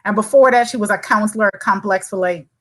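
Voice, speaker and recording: A woman's voice: mid-range voice, fast talker, low-quality recording. A woman from Saint Croix, talking as a podcast guest in an earnest, encouraging way. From Saint Croix, U.S. Virgin Islands. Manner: earnest, encouraging, talks in long runs. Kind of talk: casual chat.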